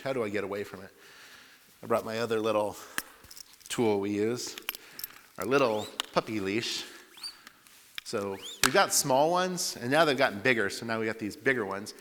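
A man preaching a sermon, telling a story and swinging between loud bursts and quiet asides. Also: on the low side, slight background noise. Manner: storytelling with lively swings in loudness. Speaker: pastor. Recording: long hall reverb.

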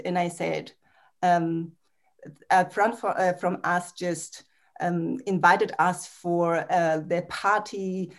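A woman telling a halting, self-mocking anecdote as a student in an improv class. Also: fairly low pitch. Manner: slow, halting, laughs at herself.

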